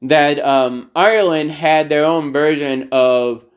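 A man's voice: a little high, dull audio. A man co-hosting a casual podcast, reading a news story aloud and talking with many fillers and restarts. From United States. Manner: halting, heavy on fillers like "like" and "uh". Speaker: podcast co-host.

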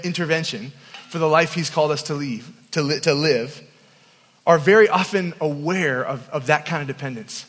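A man preaches to young people at a camp, weaving in humorous, self-deprecating stories. His voice sits high for a man. The sound carries a long, lingering hall reverb. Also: a bit bright. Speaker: youth camp speaker. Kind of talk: storytelling sermon.

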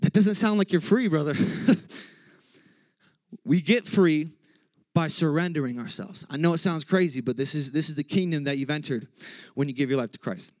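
Excitable male preacher, casual church sermon, jokes and interrupts himself, raised pitch, dry close sound. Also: moderate pace, dry recording. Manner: excitable, joking, self-interrupting.

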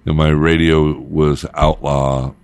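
Middle-aged dude, super deep voice, chatty radio guy swapping stories. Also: little pitch movement, slow pace, gravelly, a little mellow, clear, resonant tone, no echo. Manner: loose, laughing storyteller. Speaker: radio host and former DJ. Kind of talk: casual chat.

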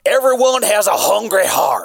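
A man's voice: high-pitched, expressive, normal speed, vocal fry, no room sound, clean studio sound, exaggerated voice. A man voicing a brash, folksy New Jersey keyboard player who calls in, with a thick put-on Jersey accent and a drawling, swaggering delivery. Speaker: phone caller.

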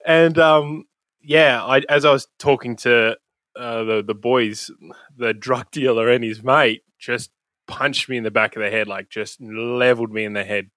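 A man with an Australian accent spins a rambling story, laughing often and swearing freely. His voice sits at an ordinary middle pitch. The sound is dry and close, with hardly any room behind it. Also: steady tone, moderate pace, pushed and bright, no echo. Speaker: podcast host, guest. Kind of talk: casual storytelling chat. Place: home room with bookshelves.

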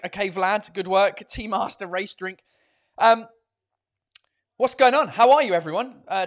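A man's voice: sits high, a bit bright, no room sound, studio quality. A tired man, hosting his own podcast and livestream from his kitchen, rambling casually and swearing freely. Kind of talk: casual chat. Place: home kitchen at night.

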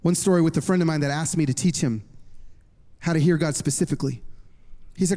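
A man in his thirties preaching a sermon to a congregation, telling a lively personal story with jokes. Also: fairly high pitch, fast, long pauses. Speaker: worship pastor. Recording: long reverb of a large hall.

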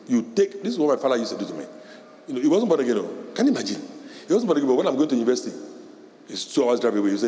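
A middle-aged man preaching a sermon as pastor, animated, laughing often and shouting in a high voice when quoting parents. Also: rapid-fire. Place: church hall. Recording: echoey hall with long reverb.

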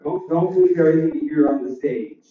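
A man doing a deadpan stand-up set with one-liners and crowd chat, his voice a little crackly, on a small club stage. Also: a little high, fast. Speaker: stand-up comedian. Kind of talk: open mic stand-up set. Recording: roomy, distant, dull club recording.

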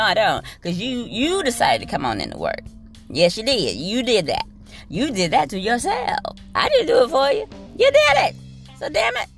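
A woman nurse telling a work story as a blunt, profane and exasperated rant. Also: fairly low pitch.

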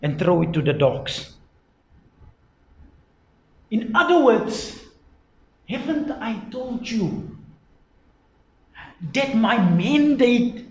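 A man preaching a sermon emphatically, swinging from loud exclaiming to low, quiet delivery. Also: roomy sound.

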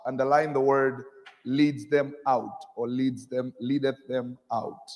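A man preaching a sermon, reading scripture slowly and drawing responses from the congregation. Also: mid-range voice, fairly even intonation, a little mellow. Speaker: pastor. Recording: long hall reverb.

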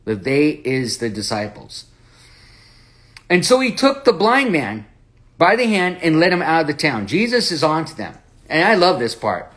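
Male Bible study teacher, higher voice, animated, conversational, acts out quoted lines. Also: moderate pace.

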